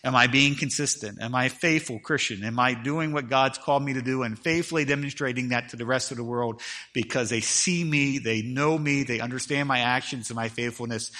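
Bright-voiced man preaching a sermon. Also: mid-range voice. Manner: emphatic preaching, rising and falling in volume; repeats words when restarting. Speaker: pastor.

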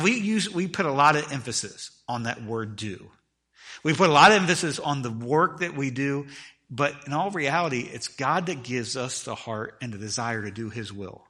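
A man's voice: fairly high pitch, bright, forceful tone. A middle-aged man preaching a sermon, with emphatic delivery that swells and drops in volume, often repeating words as he restarts. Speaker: pastor.

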